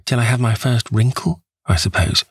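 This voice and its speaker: A man reading a novel aloud, voicing a vain young man who despairs over losing his youth, in a pleading, husky voice. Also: mid-range voice, normal speed, dry recording, clean studio sound, pitched above the performer's own voice. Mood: anguished.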